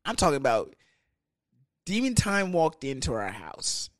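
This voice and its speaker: Young man, podcast host, casual profane storytelling, lively swooping pitch, bit high voice, dry close mic. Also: a little slow, no echo. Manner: profane, animated, laughing.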